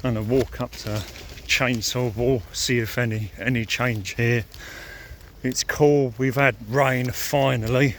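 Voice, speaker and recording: A man vlogging as he walks outdoors by a lake, thinking aloud in a slow, musing way and noting that he feels a bit sore. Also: medium pitch, steady tone, a little hiss or hum. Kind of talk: casual walking commentary.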